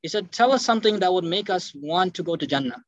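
A man giving an animated sermon, telling stories and acting out the people in them. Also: high voice, fast talker, no room sound, highs cut off. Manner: animated, acts out quotes in dropped voices. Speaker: Islamic lecturer. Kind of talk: lively sermon storytelling.

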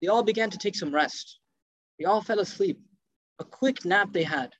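A man telling a story in a lively sermon, acting out the quoted speech and mixing in Arabic phrases. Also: high voice, normal speed, no room sound. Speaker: preacher. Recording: dull, dry lo-fi sound.

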